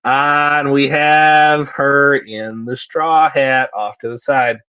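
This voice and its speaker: A man's voice: medium pitch, fairly even intonation, takes it slowly, sharp tone, clean tone, no echo, muffled recording. A man hosting a live stream, reading manga aloud and sharing thoughts with giggly, thinking-aloud asides. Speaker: reaction stream host.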